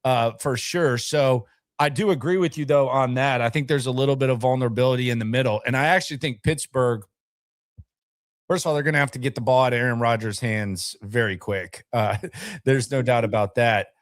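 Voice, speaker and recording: A man's voice: mid-range voice, a little fast, dry recording, clean studio sound. A man co-hosting a casual sports talk show, chatting about football and reading viewer comments aloud.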